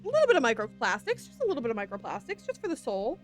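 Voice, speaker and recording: A woman's voice: on the high side, huge pitch swings, racing, soft background music. A woman streaming a video game in a casual chat, talking to herself and laughing at her own slips.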